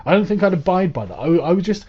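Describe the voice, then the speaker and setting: A man's voice: sits high, very animated, fast talker, a little mellow, husky, lo-fi sound. Sarcastic man mocking a politician. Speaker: commentator. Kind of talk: reaction commentary.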